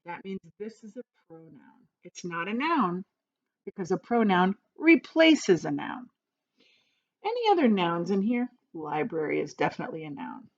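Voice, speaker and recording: A woman's voice: on the low side, very animated, moderate pace, vocal fry. A woman teacher walks young students through a grammar lesson on video, patient and encouraging. Her voice rises and falls a lot as she leads them along. The sound is a little dull and lo-fi.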